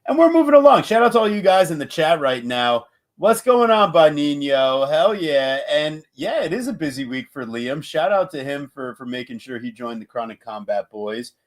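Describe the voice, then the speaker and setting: A man co-hosting a casual fight-betting show, talking in an animated, jokey, rambling way. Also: fairly high pitch, moderate pace, hardly any pauses. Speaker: podcast co-host and betting analyst.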